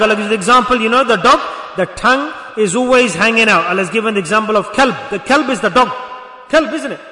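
High-voiced preacher man in echoey hall. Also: pushed and bright. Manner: exhorting, rhetorical questions to the congregation. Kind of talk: sermon.

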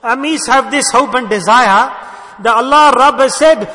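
A man's voice: very high-pitched, animated, normal speed, sharp tone, in a large hall. A man delivering an emotive sermon, telling a story and rising into impassioned exhortation. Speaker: preacher.

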